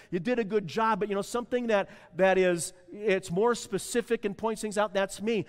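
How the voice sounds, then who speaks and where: A man's voice: high voice, big-room sound. A man preaching as pastor to his congregation, repeating key lines and getting the room to answer back. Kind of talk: sermon. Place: church sanctuary.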